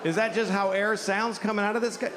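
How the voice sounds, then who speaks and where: A man's voice: high voice, steady tone, quick pace. A man doing a stand-up comedy set, rambling and sardonic, self-deprecating, with frequent restarts. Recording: live hall with audience noise.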